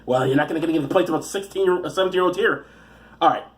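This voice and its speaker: A man giving profane comic commentary on news stories, rambling and halting, with frequent restarts and asides. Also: on the high side. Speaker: comedian reading the news.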